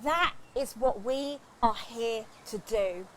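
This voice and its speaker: A woman's voice: on the high side, takes it slowly, slight background noise. A woman giving an impassioned motivational talk on a livestream, swearing freely. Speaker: livestream host.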